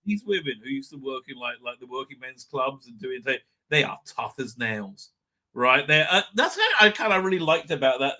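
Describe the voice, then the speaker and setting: A man's voice: medium pitch, sing-song, normal speed, bright, forceful tone. A man from Britain hosting a casual live stream, rambling with frequent restarts and swearing. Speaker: livestream host.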